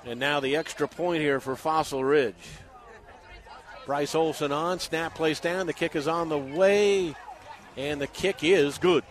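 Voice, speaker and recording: A middle-aged man calling a high school football game live for radio from a packed outdoor stadium, building to shouts on big plays. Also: unhurried. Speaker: radio play-by-play announcer. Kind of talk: live sports play-by-play commentary.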